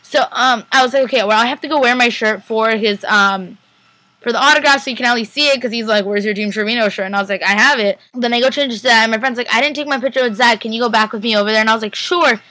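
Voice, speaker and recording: A woman's voice: on the high side, racing, bright, forceful tone. A young woman from Northern California giving a chatty, rambling convention recap vlog, full of "like" and quoted back-and-forth. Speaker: fan vlogger.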